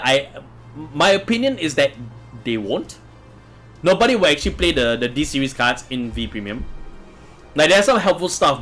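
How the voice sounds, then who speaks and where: A man's voice: mid-range voice, fairly bright tone. A man hosting a casual live stream, answering viewer comments in a chatty way and chuckling often. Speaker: livestream host reading chat.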